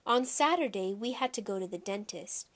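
A woman narrating a children's audiobook in a lively first-person storytelling voice. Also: mid-range voice, moderate pace.

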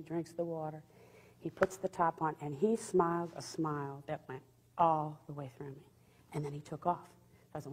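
Husky woman telling a story in a reverberant hall. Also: lowish voice. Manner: lively, humorous, acts out quotes. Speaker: speaker giving a faith testimony. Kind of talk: storytelling testimony talk.

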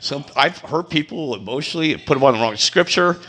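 A man's voice: a little high, lively intonation, fairly quick, a bit bright. A middle-aged man telling rambling personal stories in a casual vlog, laughing often and running himself down. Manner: chatty, laughs often, self-deprecating. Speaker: vlogger.

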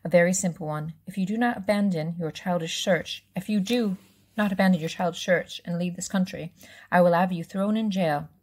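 Lady doing a smug french police chief, thick fake french accent, husky and kinda loud, talking down at people. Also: fairly low pitch, a little fast, natural voice. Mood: menacing. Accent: put-on French. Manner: smug, threatening, clipped. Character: menacing male French police commissioner, smug.

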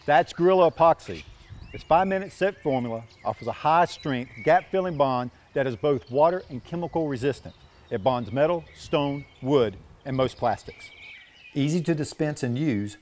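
A man's voice: mid-range voice, lively intonation, brisk, a little mellow, a little hiss or hum. A man reading a scripted product advertisement as voice-over, with an upbeat, punchy sales delivery. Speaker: announcer.

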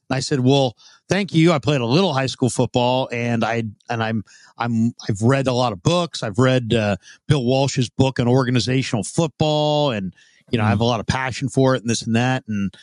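A man's voice: mid-range voice, dry recording. A man in his fifties, a guest in an interview, telling long casual anecdotes and acting out what others said. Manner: rambling anecdotes, acts out quoted dialogue. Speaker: interview guest, former radio host.

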